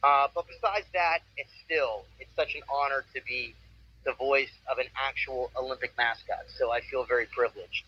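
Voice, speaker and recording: A man's voice: medium pitch, moderate pace. A man in his forties, a voice actor telling stories in a casual interview with an upbeat, enthusiastic manner. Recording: muffled with faint noise.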